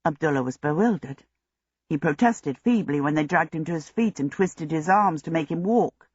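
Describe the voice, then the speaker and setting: Steady storybook narrator, mid pitch, kinda dull lo-fi audio. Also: normal speed, husky, dry recording. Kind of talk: scripted narration.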